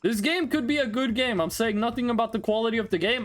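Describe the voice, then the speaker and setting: A streamer chatting casually with live chat in a blunt, animated way, swearing and laughing often while browsing games. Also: mid-range voice, fast, soft background music.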